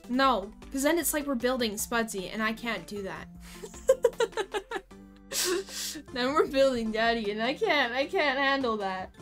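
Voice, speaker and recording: A young woman streaming a game live, excitable and giggly, talking to herself as she plays. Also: a little high, unhurried, long pauses, faint music behind.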